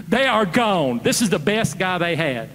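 A man preaching a sermon, retelling a story with animated questions to the congregation. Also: sits high, normal speed. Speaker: guest preacher. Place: church sanctuary. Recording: long church hall reverb.

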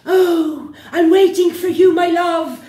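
A woman's voice: steady tone, slow, roomy sound, distant mic. A woman putting on the voice of a clingy, melodramatic lover who is waiting to be loved back. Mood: pleading. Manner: shouted, high and theatrical.

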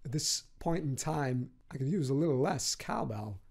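A man doing a quick run of celebrity impressions in a comedy sketch. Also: medium pitch, expressive, gravelly, a little mellow.

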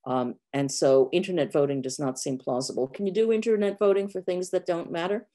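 A woman's voice: lowish voice, steady tone, fairly quick, mellow. A woman in her sixties from New York, a professor answering questions frankly on a video call, with many fillers. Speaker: guest professor. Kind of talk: online Q&A answers.

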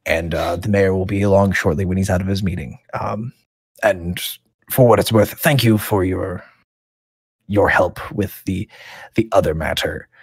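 A formal, slightly flustered guard captain, put on by a man, minding his manners with the guests. The voice sits low and a bit husky, and it sounds close and dry. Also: normal speed, dry recording. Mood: polite. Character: brisk male town guard captain.

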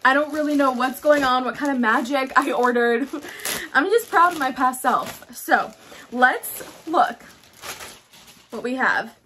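Bubbly high-voiced woman gushing to camera. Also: a little slow, sharp tone, a little hiss or hum. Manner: bubbly, gushing, chatty with many fillers. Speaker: fashion haul vlogger. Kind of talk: casual excited chat to camera. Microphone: phone camera.

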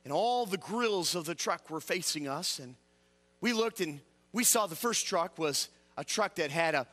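A male evangelist delivering a revival sermon in a church, with a high, bright, forceful voice. He swings from loud high exclamations down to low quiet asides, with lively swings in pitch, and keeps calling out questions for the congregation to answer. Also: moderate pace. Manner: call-and-response with the congregation. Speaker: evangelist preacher.

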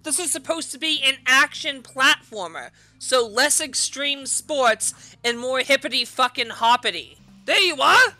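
A woman hosting a gaming video, giving loud, furious gameplay commentary full of swearing. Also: high-pitched, a little slow, hardly any pauses, no echo, faint music behind.

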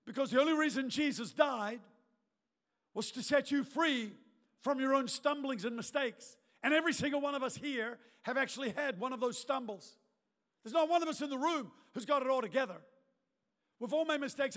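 A male pastor preaching an emphatic sermon in a large church auditorium, repeating his lines and rising to shouted prayer. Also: very high voice. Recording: long reverb of a large church hall.

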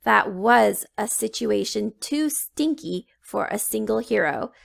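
A woman's voice: medium pitch, animated, slow pace, vocal fry, dry recording, studio quality, full character voice. A woman voicing a theatrical male goat-herding hero in a storybook read-aloud.

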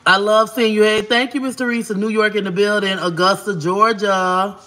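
A woman hosting a casual livestream, talking fast and giving shout-outs to viewers as she reads their comments. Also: mid-range voice, steady tone.

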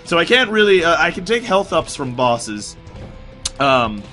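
A chatty man narrates his game in a bright, forceful voice that swings widely in pitch. His throat sounds sore and strained, and he rambles and swears as he plays. Faint music runs underneath. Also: unhurried. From United States. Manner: rambling, excitable, swears often. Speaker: gaming commentator. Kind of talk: casual let's play commentary.

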